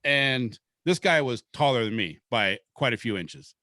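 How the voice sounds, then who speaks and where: A man's voice: medium pitch, lively intonation, a little slow, bright, forceful tone, no room sound. Guy from seattle rambling thru a story on a podcast, loose and profane, dry close mic. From Seattle, Washington. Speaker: podcast host. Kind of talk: casual storytelling chat.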